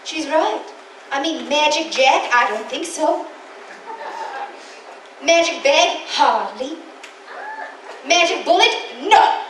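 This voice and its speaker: A woman's voice: high-pitched, lively intonation, takes it slowly, long pauses. A woman playing a glamorous, affected stage magician with a Canadian accent, who gushes and calls everyone darling. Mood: gushing. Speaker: comedy magician. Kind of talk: live stage character comedy. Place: stage before a live audience. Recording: roomy, distant live stage recording with noise.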